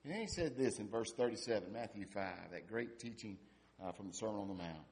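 A male pastor preaching in a conversational way, asking rhetorical questions and trailing off softly at the ends of phrases. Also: on the low side, animated, fairly quick. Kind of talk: sermon.

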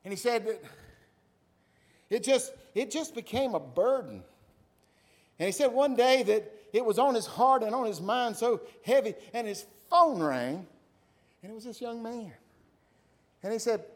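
A man preaching a sermon, his voice pitched high above most men's. He tells his stories with lively energy and acts out the voices of the people in them. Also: normal speed. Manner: animated storytelling, acts out voices. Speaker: pastor.

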